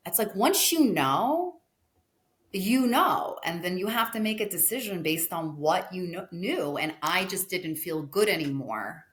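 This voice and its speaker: A woman in her forties, a restaurateur guest, telling a story in a chatty, animated way in a casual interview. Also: on the low side. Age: 40s.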